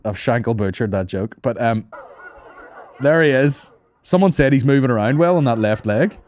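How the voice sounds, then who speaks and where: A man's voice: mid-range voice, expressive, normal speed, a little mellow. A young man, hosting a comedy podcast in a rambling, sweary monologue and laughing at his own jokes.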